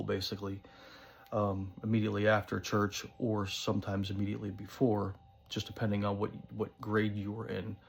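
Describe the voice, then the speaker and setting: A man with a thick New Jersey accent talks in a loose, rambling monologue. He keeps slipping in "you know" and "um". His voice sits a little low and has a gravelly crackle. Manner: rambling, conversational, many fillers. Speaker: pipe-smoking channel host. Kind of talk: casual monologue to camera.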